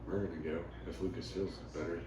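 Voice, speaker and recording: A father chats casually with friends, telling stories and making plans amid laughter and profanity. His voice is low with fairly even intonation and a quick pace, recorded far from the mic in a noisy, echoey room.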